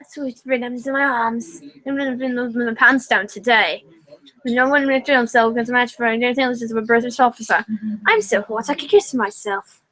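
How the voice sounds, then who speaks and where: A pompous young English officer, smug and boastful, as a young woman puts him on in a lowered voice. It sits a little below her own high register but keeps a bright, sharp ring. This is an amateur fan dub voice performance. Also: moderate pace, lightly acted.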